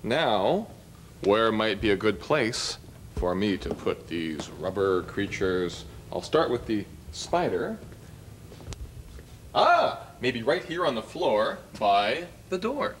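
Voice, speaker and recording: A man, a guest singer-songwriter, talking gently and playfully on a children's TV show. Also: lowish voice, sing-song, takes it slowly, a little hiss or hum. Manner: friendly, gentle, storybook-like. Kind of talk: children's TV acting and singing.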